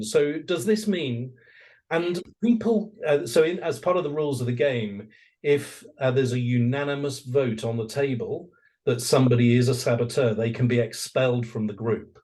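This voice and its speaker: A man hosts a podcast, running a conversational interview at a normal speed in a mid-range voice. He's an animated storyteller who likes to act out the voices of the people he quotes.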